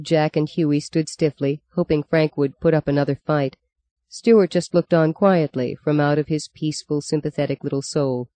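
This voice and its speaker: Audiobook narrator, mellow warm tone, measured and expressive, dry close sound. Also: mid-range voice, no echo. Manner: measured, expressive literary reading.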